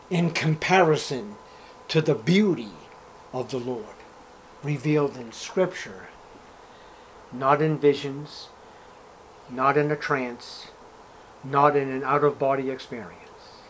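A man preaching a sermon, swinging between loud, declaiming scripture readings in old-fashioned wording and hushed, intimate asides. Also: mid-range voice, takes it slowly, long pauses, slight background noise, low-quality recording.

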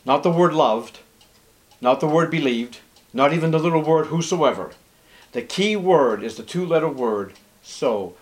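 A man preaching as pastor, emphatic, rising loud on key words and dropping low and soft. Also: expressive, unhurried. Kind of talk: sermon.

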